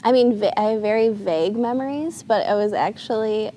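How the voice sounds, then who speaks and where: A woman's voice: fairly high pitch, brisk, warm tone, a little hiss or hum. A young woman in her twenties, a podcast guest, talking casually and rambling with lots of fillers and restarts. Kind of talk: casual interview chat.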